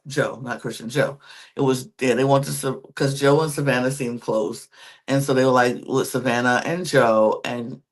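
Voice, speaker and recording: A woman co-hosting a podcast, casually recapping a TV episode, quoting the people in it in quick acted asides and giving emphatic, exasperated opinions. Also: extremely low pitch. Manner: chatty, quotes contestants in quick acted asides. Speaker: podcast co-host.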